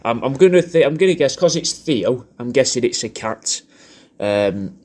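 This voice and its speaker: A man with an English regional accent giving a rambling, crude, deadpan comic monologue as a personalised video message. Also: medium pitch, normal speed. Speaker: comedic character doing a personalised video message.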